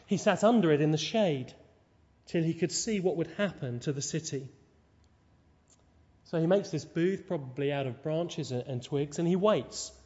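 A man delivers a sermon in a fairly high, mellow voice. He works through the scripture carefully and keeps asking the congregation rhetorical questions. The lo-fi recording carries a long, echoing hall reverb. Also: normal speed. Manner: expository, with rhetorical tag questions. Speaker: preacher.

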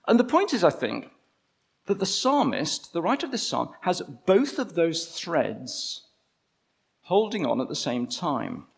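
A man preaching a conversational sermon, slowing down to stress key phrases. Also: on the high side, sing-song, creaky, breathy edge.

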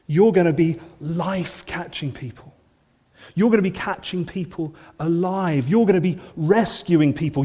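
A man preaching a sermon in an earnest manner, often dropping to soft, intense lines. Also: high-pitched, long reverb tail.

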